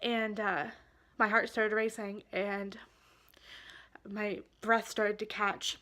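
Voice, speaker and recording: A woman vlogger telling a personal story in a candid, halting and emotional way. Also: medium pitch, flat delivery, bright, forceful tone.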